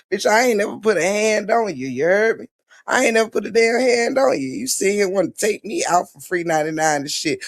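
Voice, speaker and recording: A man hosting a livestream, ranting loudly and profanely, taunting someone and repeating "you heard me". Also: high-pitched, dry recording, studio quality. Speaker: livestream host.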